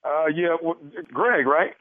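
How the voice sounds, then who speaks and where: A man's voice: a little high, expressive, unhurried, no room sound. A man pranking as an awkward male doctor, stammering and hesitant on a phone call. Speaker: prank caller. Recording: tinny phone line.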